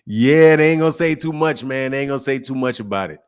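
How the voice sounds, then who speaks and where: A man hosting a boxing talk show, excitable and animated, laughing often. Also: mid-range voice, quick pace, clean tone. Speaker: host. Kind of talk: casual chat.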